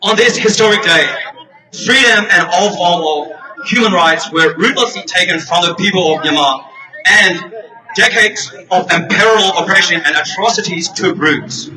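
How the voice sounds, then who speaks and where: A man speaking for his community at an outdoor rally, in a loud, declamatory manner. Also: sits high. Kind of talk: rally speech. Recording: distant outdoor rally recording with crowd.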